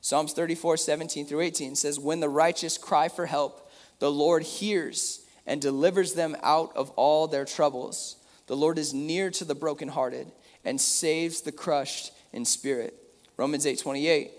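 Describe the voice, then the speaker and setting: A man's voice: fairly high pitch, fairly even intonation, normal speed, in a large hall. A young man preaching a sermon in a casual, talky way, reading scripture passages aloud with emphasis.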